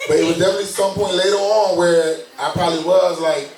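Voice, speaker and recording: Male co-host, 30s, casual slangy talker, pitch a touch high, roomy distant sound. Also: fast, slight background noise. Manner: relaxed, slangy, often asks "you know what I'm saying?". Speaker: podcast co-host. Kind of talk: casual chat.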